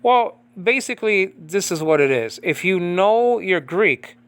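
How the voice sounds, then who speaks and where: A man teaching an informal Bible study, rambling with many fillers, often asking if the listener understands, and reciting verses slowly and deliberately. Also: high voice, lively intonation, fairly bright tone, smooth. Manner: rambling, many fillers, keeps asking "you understand what I'm saying?". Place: in the Philippines.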